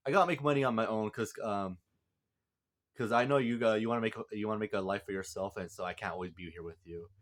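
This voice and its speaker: A man voicing a gentle young woman who speaks softly and soothingly. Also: fairly low pitch, quick pace, lightly acted. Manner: soft, soothing.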